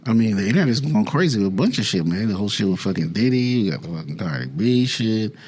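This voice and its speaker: A young man with a low, husky voice co-hosts a casual podcast. He tells stories in an animated, profane way, full of loose slang. He sounds relaxed among friends. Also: fast talker. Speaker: podcast co-host.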